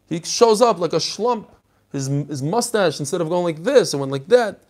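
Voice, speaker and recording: A man's voice: high voice, animated, moderate pace, a little mellow. A man teaching a text study lesson, explaining passages and animatedly acting out the story.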